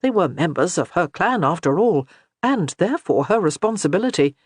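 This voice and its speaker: A woman narrating a historical romance audiobook in an expressive storytelling manner. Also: fairly low pitch, normal speed, breathy edge, no echo, clean studio sound.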